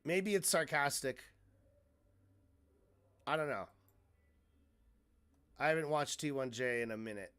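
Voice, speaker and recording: A man's voice: mid-range voice, lively intonation, unhurried, pauses often, fairly bright tone, smooth, dry recording. A man giving casual reaction commentary as a streamer, rambling, cutting himself off mid-sentence and swearing freely.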